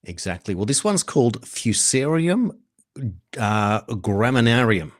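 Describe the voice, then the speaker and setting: A man from Australia hosting a radio show, reading out news stories in a steady, measured way and commenting briefly. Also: medium pitch, no room sound, clean studio sound. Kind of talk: reading and discussing news headlines.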